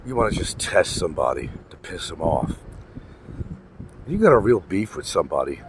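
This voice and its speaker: A man's voice: sits low, sing-song, moderate pace. A man ranting in a casual vlog, blunt and profane, repeating his points for emphasis. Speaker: vlogger. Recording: wind noise and traffic outdoors.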